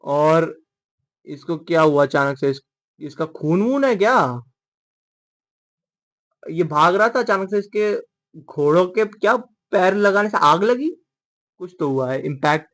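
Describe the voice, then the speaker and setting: A man hosting a manga readalong, commenting casually with rapid, joking asides. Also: a little high, animated, a bit bright.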